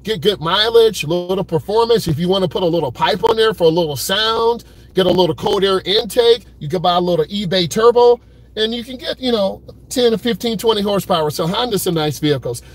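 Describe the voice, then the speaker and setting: A man talks to his viewers from behind the wheel in an easygoing live-stream chat. His voice sits fairly high, and his manner stays relaxed, direct and conversational. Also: a little fast. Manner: laid-back, talks straight to viewers, repeats "keeping it real". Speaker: driving vlogger. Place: in a car at an airport pickup lane.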